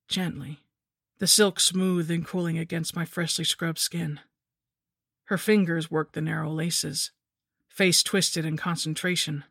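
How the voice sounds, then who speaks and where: Woman, scripted horror narration, measured, somber, dry close mic. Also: low-pitched, fairly bright tone, no room sound.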